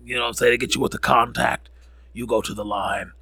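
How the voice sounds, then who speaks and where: A man's voice: mid-range voice, flat delivery, quick pace, gravelly, pushed and bright, breathy edge, no echo. A man hosting a podcast, rambling through sports scores with jokes and frequent self-corrections. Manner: rambling, joking, corrects himself often. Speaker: podcast host. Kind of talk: casual sports score recap.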